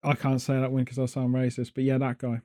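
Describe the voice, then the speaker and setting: A man's voice: medium pitch, completely flat delivery, quick pace, mellow. A British man hosting a podcast, chatting casually and joking as he wanders off on tangents. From Britain. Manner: rambling, jokey, goes off on tangents. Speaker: podcast host. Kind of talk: casual chat.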